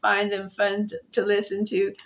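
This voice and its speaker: A woman vlogger telling a personal story in a halting way, with restarts and soft laughs. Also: medium pitch, monotone, a little hiss or hum.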